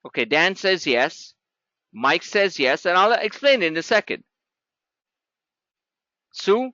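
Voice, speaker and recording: A man's voice: sits high, sing-song, slow pace, sharp tone, dry recording, lo-fi sound. Blunt, sarcastic man teaching trading. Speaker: trading educator. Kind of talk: live trading class talk.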